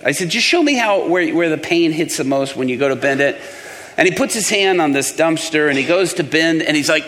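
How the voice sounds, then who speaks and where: A man's voice: a little high, a little fast, in a large hall. A man preaching and telling a story, acting out the voices of the people in it. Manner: animated, acts out the voices in his story. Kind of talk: sermon storytelling.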